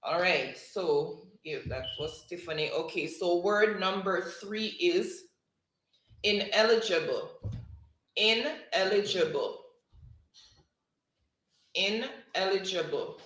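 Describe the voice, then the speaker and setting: Slow-talking woman hosting a livestream. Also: fairly low pitch, fairly even intonation. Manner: warm thanks, slow word-by-word calling of spelling words. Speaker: livestream host. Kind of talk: reading live chat and hosting a spelling game. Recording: roomy echo.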